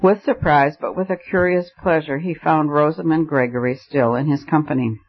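Brief: male audiobook narrator, somewhat high voice, dull lo-fi recording. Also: fairly even intonation, normal speed, slightly rough. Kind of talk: scripted narration.

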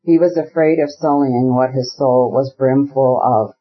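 A man narrating a classic novel as an audiobook, in a measured, even storytelling manner with a husky voice. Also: mid-range voice, muffled recording.

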